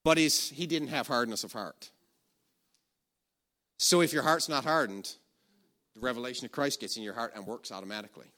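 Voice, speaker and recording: Bright-voiced animated male preacher. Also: mid-range voice, normal speed, pauses often. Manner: animated storytelling, shouts quoted commands. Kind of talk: sermon.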